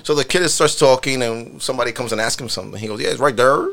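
A man with a New York accent telling stories on a podcast in a lively, animated way. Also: medium pitch, racing, vocal fry, very noisy. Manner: animated storyteller. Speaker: podcast co-host. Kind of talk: casual chat, storytelling.

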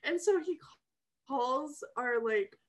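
A young woman co-hosting a casual podcast, her voice sitting a little high. She tells stories with lots of energy, laughing and acting out what people said. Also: slow. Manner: animated storyteller, laughs often, acts out quotes. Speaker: podcast co-host. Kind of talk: casual chat.

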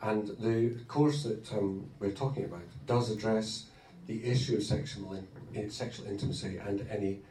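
A good-humoured man talking to a group of couples, often breaking into laughter and pausing on fillers. He is heard in a roomy hall from a distance from the mic. A faint noise sits underneath. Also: on the low side, dark tone. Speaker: marriage course co-leader. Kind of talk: informal talk to a group of couples.

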